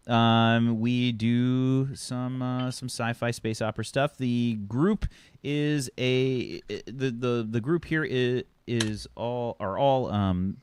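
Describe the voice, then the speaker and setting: A man's voice: medium pitch, steady tone, takes it slowly, a little mellow, smooth. A man hosting a live tabletop role-play stream as game master, rambling through his intro with many restarts. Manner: rambling, full of restarts and fillers.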